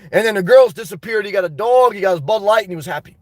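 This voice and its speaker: A man hosting a livestream reads chat and talks off the cuff, blunt, crude, and constantly restarting his sentences. His high-pitched voice is very fast with few pauses, and there's no room sound.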